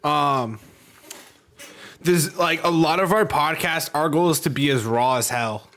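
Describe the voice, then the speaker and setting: A man's voice: a little high, unhurried, fairly bright tone. A man casually commenting on his own podcast on a live stream, rambling in a laid-back way with lots of fillers.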